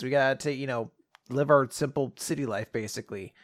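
A man's voice: mid-range voice, fast talker, dry recording, studio quality. A young man co-hosting a casual podcast, animatedly retelling a manga chapter and swearing casually. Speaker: podcast co-host.

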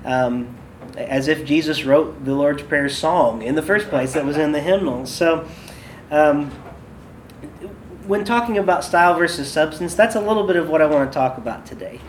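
A man's voice: on the high side, moderate pace, slight background noise. A man who leads worship, giving a casual workshop talk full of stories and loose asides. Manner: chatty, loose, with many fillers and asides. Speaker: worship leader and podcast host.

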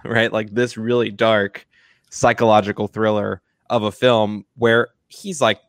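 A man with a fairly low voice talks through his take on a film in a loose, rambling way, stopping and restarting his sentences often. The sound is dry and close, with no room around it. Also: fairly even intonation, unhurried, no echo. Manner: rambling, many restarts and fillers, laughs often. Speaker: film review podcast co-host. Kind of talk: casual film review chat.

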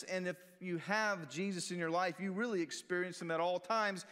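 A man's voice: high-pitched, a bit bright. A man preaching a sermon as a pastor, in a folksy, conversational way, breaking into acted-out quotes. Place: church sanctuary. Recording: long reverb of a church hall.

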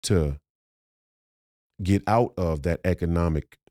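Podcast host, male, low voice, confrontational and profane, repeats lines for emphasis, dry sound. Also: slow pace, warm tone, dry recording. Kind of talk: profane monologue.

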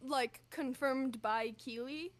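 A woman co-hosting a podcast in casual chat over a video call, animated and swearing casually. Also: high-pitched, slow. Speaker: podcast co-host.

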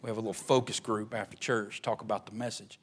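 A man preaching a sermon as pastor, swinging between loud emphatic lines and hushed ones. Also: lowish voice, steady tone, fast talker, breathy edge.

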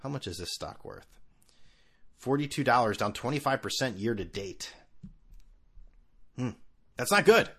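Rambling, animated male podcast host. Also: measured pace, long pauses, slightly rough. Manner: rambling, self-mocking, bursts into laughing high-pitched asides. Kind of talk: casual solo podcast chat.

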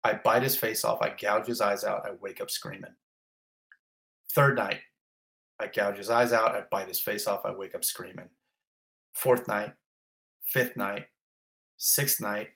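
A man's voice: lowish voice, steady tone, measured pace, long pauses, a bit bright. A middle-aged fire captain telling his own story in an interview, intense and vivid in short repeated clauses. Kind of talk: personal storytelling in a podcast interview.

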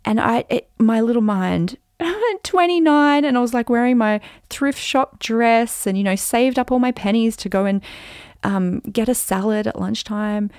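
Woman, 40s, podcast host, gravelly, chatty and animated storytelling. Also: fairly high pitch, moderate pace, no echo, studio quality. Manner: chatty, animated, with fillers and acted-out reactions. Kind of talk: personal storytelling monologue.

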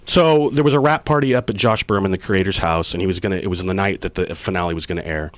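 A man in his forties, an actor being interviewed, telling stories casually and acting out quoted lines with big jumps in pitch. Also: fast talker, dry recording. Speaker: actor guest.

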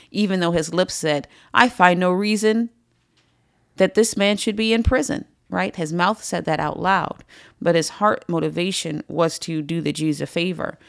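Gravelly, earnest woman leading Bible study. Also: low voice, no echo, clean studio sound. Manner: earnest, conversational, with frequent "right?" asides. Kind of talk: morning Bible study teaching.

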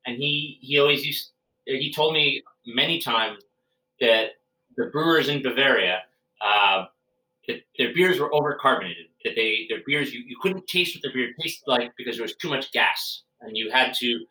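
A man's voice: medium pitch, moderate pace, sharp tone. A man who works as a brewer, chatting casually and at length, rambling with fillers and restarts. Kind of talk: casual podcast chat. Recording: roomy, distant from the mic.

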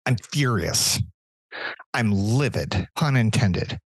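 Podcast co-host, male, husky and lively, angry and profane, dry close mic. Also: fairly low pitch, normal speed, no room sound, low-quality recording. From Southern California. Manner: angry, profane, animated ranting. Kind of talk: casual podcast rant.

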